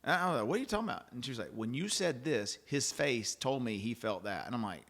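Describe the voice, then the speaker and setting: A man's voice: medium pitch, expressive, brisk, fairly bright tone. A middle-aged man hosting a casual faith-based chat, rambling and restarting, acting out quoted lines. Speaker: podcast host.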